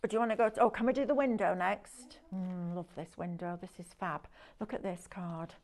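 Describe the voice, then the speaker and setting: A woman's voice: fairly low pitch, fairly even intonation, brisk, a little mellow. Gushing woman presenting a shopping show. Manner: chatty and gushing, constant product praise. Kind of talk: live sales demonstration.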